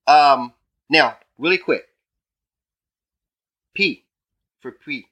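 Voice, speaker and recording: A man's voice: fairly high pitch, very slow, pushed and bright. A man hosting a conversational interview, asking short, list-driven questions. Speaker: podcast host.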